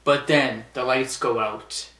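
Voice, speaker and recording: A man's voice: mid-range voice, fairly even intonation, slow pace, sharp tone. A young man casually recapping a wrestling show, rambling, laughing often and acting out the wrestlers' lines. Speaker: wrestling vlogger. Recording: echoey room.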